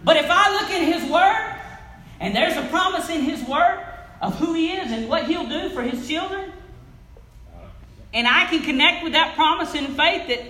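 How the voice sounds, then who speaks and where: A woman preaching a sermon in a church, swinging from loud calls to near-whispers. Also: very high-pitched, animated, normal speed. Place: church sanctuary. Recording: echoey church with faint noise.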